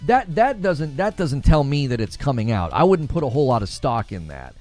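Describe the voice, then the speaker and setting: A man's voice: medium pitch, fairly quick, soft background music. A middle-aged man hosting a casual gaming livestream, talking through news and reading out viewer comments with frequent chuckles. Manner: animated, conversational, chuckles often.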